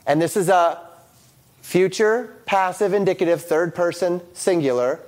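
Bible teacher, man, slightly high voice, halting delivery full of ums, walks through Greek grammar on a shared screen. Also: darkish tone. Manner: halting, with many ums and restarts; explains Greek grammar, reading out translations.

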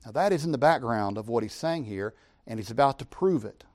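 A man's voice: medium pitch, expressive, brisk, darkish tone. A man preaching a sermon, retelling scripture with emphatic, dramatic paraphrase.

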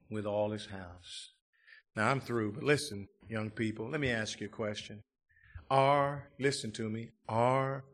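A male preacher delivers an evangelistic sermon in a voice of ordinary middle pitch. He swings between fervent, shouted exclamations and hushed, pleading appeals to his listeners. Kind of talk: evangelistic sermon and altar call.

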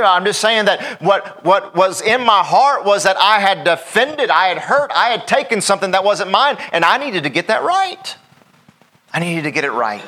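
A man's voice: high voice, bright, forceful tone. A middle-aged man, a pastor preaching a sermon in a folksy way, often asking the congregation "Amen?".

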